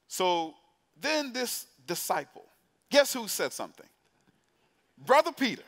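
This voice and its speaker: A man's voice: very high voice, big pitch swings, a little slow, long pauses, a bit bright. A man preaching to young adults in a church, telling a story in a playful, conversational way and putting direct questions to the congregation. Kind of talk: storytelling sermon. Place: church sanctuary.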